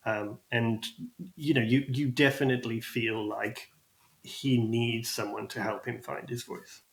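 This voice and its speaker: A man's voice: mid-range voice, flat delivery, a little slow. A man narrating as game master in a casual way, with many fillers. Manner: casual, fillers, laughs easily. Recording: echoey room.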